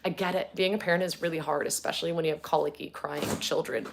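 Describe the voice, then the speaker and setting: Thirties mom host, low voice with lots of fry, chatty and earnest, says um a lot. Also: female voice, fairly even intonation, quick pace. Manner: chatty, earnest, many fillers. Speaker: podcast host. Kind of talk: casual talk to camera.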